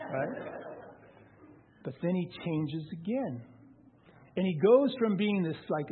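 A man telling a personal testimony story in a conversational way, with halting restarts. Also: high-pitched, slightly rough. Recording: tinny phone-like sound.

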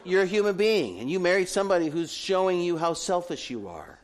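A middle-aged male pastor delivering a sermon with a lively, swooping delivery. His voice sits a little high for a man, and he tells stories with playful, humorous asides. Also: brisk. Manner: animated storytelling with humorous asides.

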